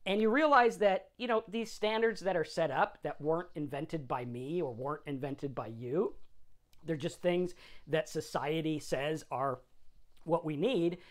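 A middle-aged man hosting a sobriety talk, speaking in an informal, conversational way and often checking in with "right?". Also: a little high. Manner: conversational, tags lines with "right?".

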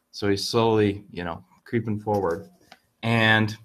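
A man with a fairly low voice tells an old fable as a relaxed online lesson. He talks in a lively, chatty way, stumbling over and repeating his words as he goes. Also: normal speed. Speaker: online Chinese idiom teacher. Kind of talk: casual storytelling lesson to camera.

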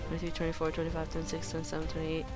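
A woman giving casual gameplay commentary in a playful way, joking with the game creatures and bursting into excited yells. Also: sits low, rapid-fire, over loud music.

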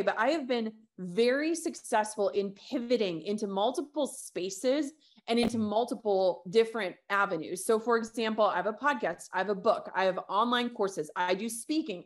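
A woman guest on an interview show, talking casually and telling animated stories with quoted asides. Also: on the high side. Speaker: podcast host and guest.

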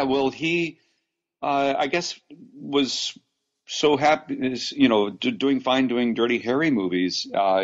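Man from los angeles, actor guest, rambling anecdotes, slightly dull lo-fi sound. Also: fairly low pitch. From Los Angeles, USA. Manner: rambling, many restarts and fillers, laughs often. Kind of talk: casual interview storytelling.

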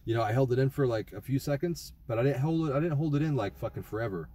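A young man with a mid-range, warm voice talks fast as he casually rambles through a trip report on his vlog. He swears often and fills his speech with fillers and restarts.

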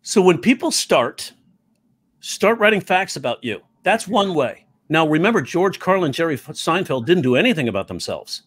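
A man's voice: a little high, moderate pace, slightly rough. A middle-aged man teaching comedy writing in a casual, jokey way, often acting out bits of dialogue. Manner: animated, jokey, acts out quotes. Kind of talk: casual comedy class talk.

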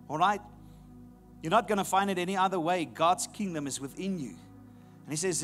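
A man preaches a sermon, driving his points home by repeating them. His voice sits a little high for a man. Faint music plays quietly in the background. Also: fairly quick, pauses often. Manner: emphatic, repeats key phrases. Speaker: pastor.

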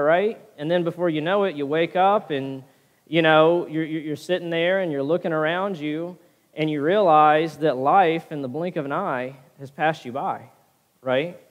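Pastor delivering a sermon, a man with a fairly high voice, recorded in a reverberant church hall. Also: moderate pace, dull audio. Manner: preaching with frequent "right?" tag questions. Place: church sanctuary.

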